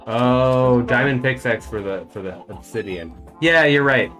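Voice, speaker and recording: A man's voice: mid-range voice, a little slow, a bit bright, faint music behind. A man streaming a game and chatting casually, thinking aloud as he plays. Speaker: streamer and voice actor.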